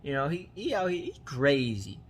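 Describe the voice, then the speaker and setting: A man's voice: on the high side, big pitch swings, moderate pace, husky. A man voicing a brash young male fish who rambles in street-slang trash talk about his crazy friend. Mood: boastful.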